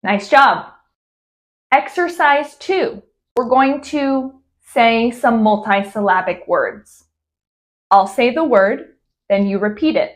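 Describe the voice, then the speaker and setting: A woman speech therapist from California, guiding articulation drills slowly with careful, over-articulated speech. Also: a little high, lively intonation. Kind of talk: instructional exercise guide.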